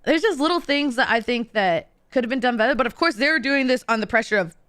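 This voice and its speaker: A woman's voice: fairly high pitch, lively intonation, fast, a bit bright, clear, resonant tone, dry recording. A woman guest on a podcast, talking casually and laughing often.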